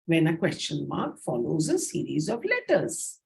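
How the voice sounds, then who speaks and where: A woman's voice: deep voice, wildly swooping pitch, moderate pace, creaky, a little mellow. A woman with an Indian English accent leading a teacher training session, explaining how to read punctuation and demonstrating intonation aloud.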